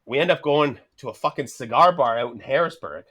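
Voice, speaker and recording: A man's voice: medium pitch, a little fast, breathy edge. Foul-mouthed man spinning a yarn. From Canada. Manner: animated, swears constantly, laughs mid-sentence, acts out quotes. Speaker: podcast guest. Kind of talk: casual storytelling chat.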